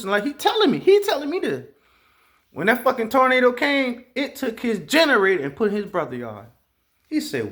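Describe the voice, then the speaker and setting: A man telling stories in a casual monologue, profane and animated, imitating the sounds he describes. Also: sits high, normal speed. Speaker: vlogger.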